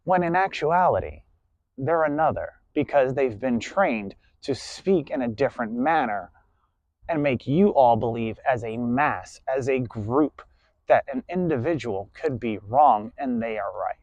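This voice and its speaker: A man's voice: mid-range voice, animated, a little slow, a little mellow, dry recording, dull audio. A man lecturing a class in a blunt, preachy way, swearing freely and tagging points with "right?". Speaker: class instructor. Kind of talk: lecturing monologue.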